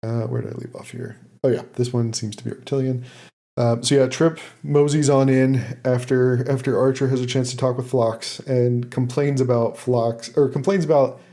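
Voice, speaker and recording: A man's voice: medium pitch, fairly even intonation, normal speed, dark tone. A man hosting a podcast, casually recapping a TV episode with frequent fillers and laughs. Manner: recaps plot loosely with many fillers and laughs. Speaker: podcast host summarizing an episode.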